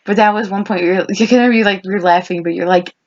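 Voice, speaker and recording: A woman's voice: mid-range voice, fairly even intonation, very fast, darkish tone. A young woman in her twenties co-hosting a podcast, chatting casually with her best friend, rambling with lots of restarts and quoted asides. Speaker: podcast co-host. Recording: dull lo-fi podcast audio.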